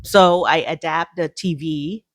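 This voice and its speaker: Thai woman with a thai accent, chatting real slow and halting on a podcast, dry sound. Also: deep voice, no echo. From Thailand. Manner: halting, searching for words, soft. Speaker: podcast co-host. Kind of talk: casual chat.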